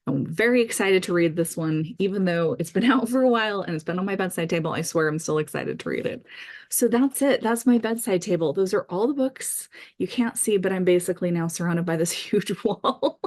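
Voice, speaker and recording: A middle-aged woman talks casually and eagerly about the books she means to read, gushing over favorites. Her voice sits somewhat low for a woman. She pauses often with little fillers as she goes. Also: animated, a little mellow. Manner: enthusiastic, chatty with frequent fillers. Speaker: author vlogger. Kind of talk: casual book-list vlog.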